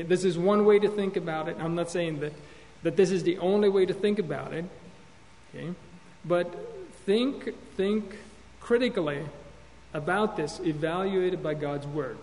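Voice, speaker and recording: A man with a rather high, darkish voice gives an earnest, sermon-style Bible lesson on counseling, frequently repeating and correcting himself. It plays like a classroom lecture, recorded in a hall with long reverb and a faint hum.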